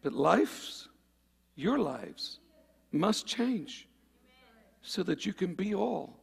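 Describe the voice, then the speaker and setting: A man preaching a fervent sermon, calling on the congregation for amens and swinging between loud and quiet passages. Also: high voice, very animated, drawn-out words, gravelly, long pauses, husky, long reverb tail.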